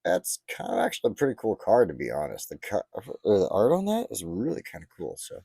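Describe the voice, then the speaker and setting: A chatty man with a lowish, mellow voice narrates a card unboxing, gushing over pulls and drifting into rambling asides. The sound is dry and close to the mic. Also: wildly swooping pitch, fairly quick, gravelly, husky, no room sound. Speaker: card-opening vlogger. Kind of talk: casual unboxing commentary.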